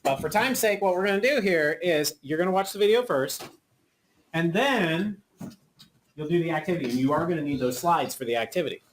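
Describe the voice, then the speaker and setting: A woman's voice: lowish voice, lively intonation, brisk, a little hiss or hum. A woman teacher giving patient, coaxing instructions to a class of children in a school classroom. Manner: patient, coaxing, frequent okay checks.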